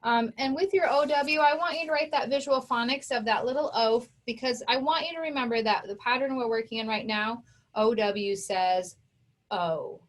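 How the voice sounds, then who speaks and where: A woman's voice: a little high, normal speed. A woman teaching a children's phonics lesson, patiently sounding out words and spelling them letter by letter.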